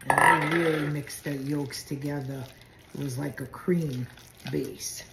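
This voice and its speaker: Brief: low, unhurried woman narrating a home cooking demo, roomy kitchen with noise behind. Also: steady tone, vocal fry. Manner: chatty, step-by-step narration. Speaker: home cook. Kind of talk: casual cooking demonstration.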